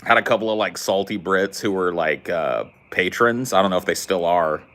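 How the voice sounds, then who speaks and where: A man's voice: low-pitched, moderate pace, fairly bright tone. An American man hosting a podcast, ranting comedically in a sarcastic, profane way. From United States. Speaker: podcast host. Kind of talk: comedic rant.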